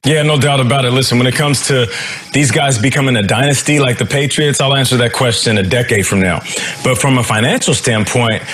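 A man giving animated football analysis on a TV show, emphatic and persuasive. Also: medium pitch. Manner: emphatic, persuasive, quick bursts. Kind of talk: animated sports TV commentary.

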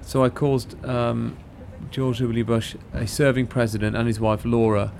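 A man's voice: mid-range voice, level tone, a little slow, vocal fry, darkish tone, a little hiss or hum. A man telling an anecdote as a chat show guest, hesitant with ums and repeated words.

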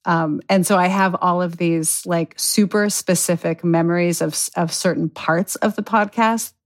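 A woman in her thirties, a schoolteacher, chatting as a guest on a podcast in an animated, giggly way with many fillers. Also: on the low side, moderate pace. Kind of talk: casual podcast conversation.

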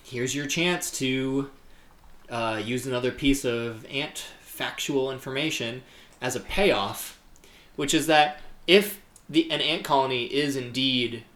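A man from upstate New York co-hosting a podcast in casual chat, rambling and halting with many fillers. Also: medium pitch, a bit bright, echoey room. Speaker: podcast co-host.

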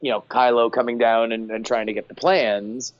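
A man guest on a podcast, giving animated, emphatic opinions in casual chat. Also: medium pitch, moderate pace. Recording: dry, slightly dull sound.

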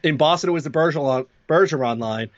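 A man's voice: fairly high pitch, fast, highs cut off, slight background noise. A man, a hockey blogger co-hosting a casual sports podcast, ranting with sarcasm about his team's coaching.

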